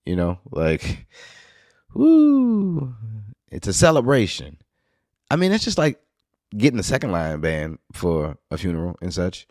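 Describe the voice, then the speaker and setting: A man from New Orleans with a local accent, hosting a podcast and telling a rambling, profane story in casual monologue, now and then jumping into high excited bursts. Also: unhurried, no echo, clean studio sound. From New Orleans, USA. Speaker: podcast host.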